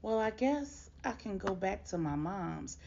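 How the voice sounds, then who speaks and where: A woman's voice: mid-range voice, lively intonation, a little slow, gravelly, darkish tone, highs cut off, a little hiss or hum. A woman voicing a tearful young woman who pleads and explains herself. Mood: pleading.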